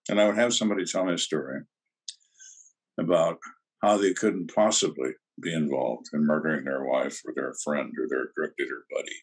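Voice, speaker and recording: Deep husky older man, dry storyteller. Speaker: guest, retired homicide detective. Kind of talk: storytelling interview.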